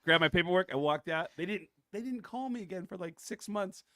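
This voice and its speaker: A middle-aged man, a comedian and voice actor, telling stories in an interview, excitable and acting out the voices of people in them. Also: sits high, fairly quick, dry recording, studio quality. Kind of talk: casual interview storytelling.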